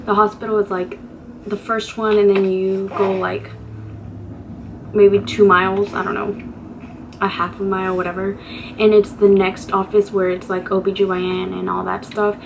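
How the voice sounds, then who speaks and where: A woman's voice: mid-range voice, little pitch movement, normal speed, vocal fry, background noise. Chatty young woman telling a story. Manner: chatty, lots of "like" fillers; candid, acts out quoted exchanges. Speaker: vlogger. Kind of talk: casual storytelling.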